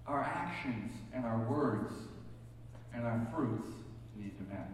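A man's voice: mid-range voice, expressive, slow. Pastor guy telling stories in his sermon, big echo from the hall, faint room hum. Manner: folksy storytelling, joking asides. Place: church sanctuary. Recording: echoey hall from far off.

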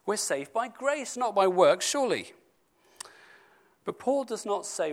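A man preaching a sermon to his church, stressing key words and slowing down for scripture. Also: high-pitched, big pitch swings. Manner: emphatic, slows down for scripture, speeds up for asides.

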